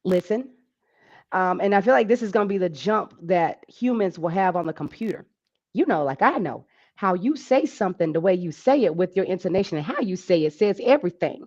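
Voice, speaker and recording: A woman's voice: on the low side, brisk, muffled recording. A woman who is a medical doctor, speaking as a guest on a talk show, explaining things casually and acting out the voices of her patients. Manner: animated, acts out patients' voices.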